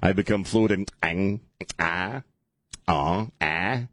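A man's voice: low-pitched, slow pace, a bit bright. A man hosting a radio talk show, joking, rambling and laughing as he chats in a studio. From South Texas. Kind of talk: casual radio banter. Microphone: studio microphone.

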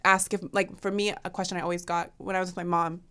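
A young woman hosting a casual talk show, chatting quickly and animatedly with many fillers. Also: on the low side, clear, resonant tone. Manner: fast, animated, lots of "like" fillers. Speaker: podcast host. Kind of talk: casual conversation.

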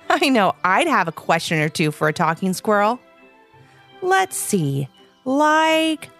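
A woman's voice: medium pitch, sing-song, slow pace, a bit bright, soft background music. A woman co-narrating a children's story with playful, chatty asides.

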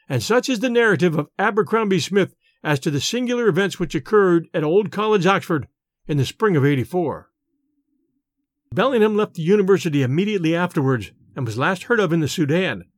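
Expressive man reading a ghost story. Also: sits high, dry recording, studio quality. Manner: measured, expressive narration. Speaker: narrator and podcast host.

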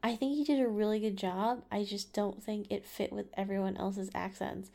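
A woman's voice: medium pitch, steady tone, normal speed, creaky, warm tone. A woman co-hosting a casual movie review podcast, chatty and laughing easily, with lots of "like". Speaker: podcast co-host.

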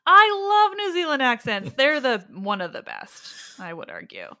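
A woman's voice: high voice, huge pitch swings, measured pace, pushed and bright, no echo, studio quality. Laughing bubbly woman podcast host. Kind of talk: casual chat.

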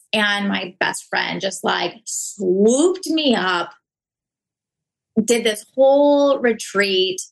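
Woman on a podcast, slow earnest talk, lots of likes and ums. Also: medium pitch, creaky, a bit bright, poor audio. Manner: earnest, reflective, many fillers. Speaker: podcast guest. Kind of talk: casual conversation.

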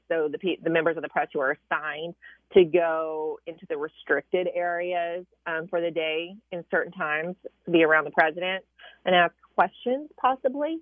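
A woman with a Southern US accent, a political correspondent calling in, explaining things in a measured way with some hesitations. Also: deep voice, no room sound. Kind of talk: phone-in interview. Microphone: phone. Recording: tinny dry phone line.

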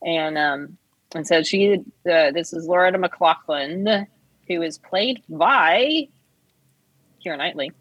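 A woman's voice: fairly low pitch, expressive, slow, a bit bright, no room sound, muffled recording. A woman co-hosting a podcast in casual chat, chatty and rambling with gushing asides. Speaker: podcast co-host.

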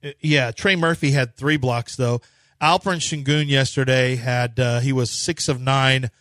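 A man's voice: medium pitch, steady tone, moderate pace, a bit bright, dry recording, clean studio sound. A man hosting a sports talk radio show, rambling and opinionated with emphatic points.

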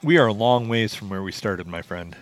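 A man's voice: on the low side, lively intonation, brisk. A man co-hosting a podcast, telling rambling stories in a wry, casual way. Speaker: podcast co-host.

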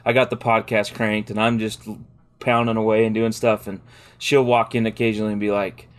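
A man co-hosting a dog-training podcast, chatting casually and telling lively stories with laughter. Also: lowish voice, a little fast. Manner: animated storyteller, laughs often, acts out quotes. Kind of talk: casual chat.

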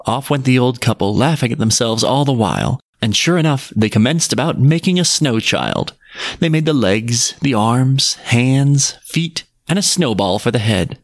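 A man's voice: medium pitch, expressive, moderate pace, no room sound. Man reading a storybook aloud, dry close sound. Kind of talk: storybook narration.

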